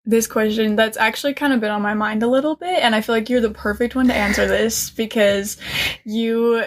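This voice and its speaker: A woman's voice: fairly high pitch, fairly even intonation, a little fast, background noise. A woman hosting a faith podcast, chatting casually and using "like" often. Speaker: podcast host.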